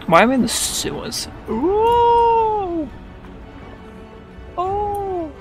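A young man giving goofy, excitable let's-play commentary, swearing freely and chatting to the characters on screen. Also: very high-pitched, drawn-out words, pauses often, music in the background. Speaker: gamer.

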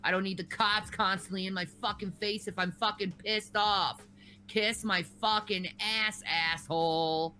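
Woman, enraged streamer, profane stammering tirade, sharp bright tone. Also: medium pitch, fairly even intonation, unhurried, faint music behind. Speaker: livestreamer. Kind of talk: angry livestream rant.

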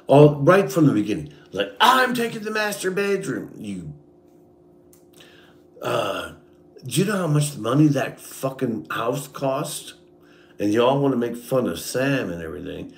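A man's voice: on the low side, darkish tone. Bitter, profane man ranting in an echoey room. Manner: profane, bitter, speaks straight at an absent person. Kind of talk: angry personal rant.

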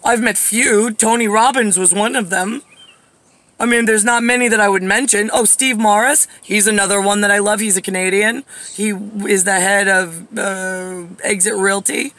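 A woman's voice: medium pitch, steady tone, moderate pace, a bit bright, no echo. A woman in her forties talking straight to camera in a rambling personal monologue, wandering off topic with lots of fillers and getting heated enough to swear. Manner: digressive, many fillers, grows heated and swears. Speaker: vlogger.

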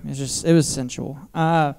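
Crude deadpan stand-up comic, smooth voice. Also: male voice, on the high side, moderate pace. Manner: crude, deadpan storytelling with self-mocking asides. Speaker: stand-up comedian. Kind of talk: stand-up comedy set. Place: comedy theater stage. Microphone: handheld stage mic.

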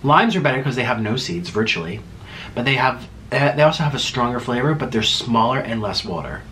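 A man's voice: medium pitch, expressive, a little fast, a bit bright, a little hiss or hum. A young man hosting an eating video, chatting and rambling casually with his mouth full. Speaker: mukbang host. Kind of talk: casual chat while eating.

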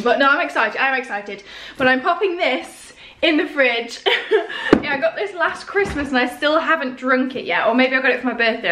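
A young woman, a lifestyle vlogger, chats casually to camera in a high, bright, forceful voice, with a little hiss or hum in the audio. She rambles, giggles, and pokes fun at herself.

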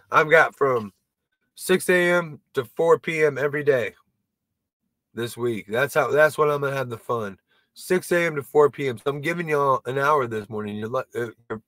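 A man's voice: mid-range voice, a bit bright, no echo. Older male comic host in his sixties, loose and profane, close dry mic. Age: 60s. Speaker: comedy show host. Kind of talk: rambling stand-up monologue.

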